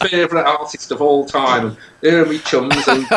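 A cheeky, wheedling Geordie fan, put on by a man telling a story, pitched up and laying on the pleading. The voice rings around an echoey room. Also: normal speed, background noise, natural voice. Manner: hammed-up, wheedling, higher-pitched.

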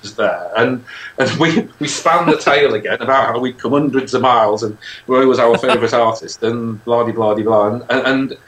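A middle-aged man telling a long anecdote in casual chat, with halting restarts and chuckles. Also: mid-range voice, fairly bright tone, slight background noise. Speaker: guest. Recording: echoey room.

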